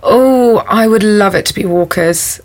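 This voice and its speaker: A woman with a mid-range voice chats as a podcast guest. She answers quiz questions in a wry, offhand way, often pausing with fillers first. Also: medium pitch. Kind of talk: casual chat.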